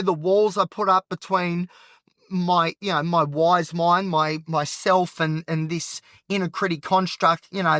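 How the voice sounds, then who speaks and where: A man's voice: high voice, sharp tone, dry recording. Australian male podcast host, agitated, rambling monologue from his car, dry close sound. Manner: rambling and frank, heavy on filler. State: agitated and anxious. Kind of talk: candid solo monologue while driving. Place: inside a car at night.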